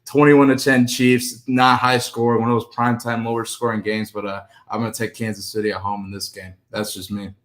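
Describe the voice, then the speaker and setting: A man's voice: medium pitch, flat delivery, fairly quick, hardly any pauses, fairly bright tone. Easygoing male sports co-host. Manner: easygoing, laughs often, casual swearing. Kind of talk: casual sports talk.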